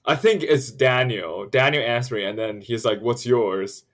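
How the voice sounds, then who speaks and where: A young man co-hosting a casual movie podcast, throwing in quick joking asides. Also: mid-range voice, fairly bright tone. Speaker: podcast co-host. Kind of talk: casual chat.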